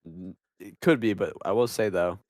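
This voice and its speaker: A man's voice: low voice, normal speed, darkish tone, no room sound, studio quality. A young man co-hosting a podcast in casual banter, blunt, with easy swearing. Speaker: podcast co-host.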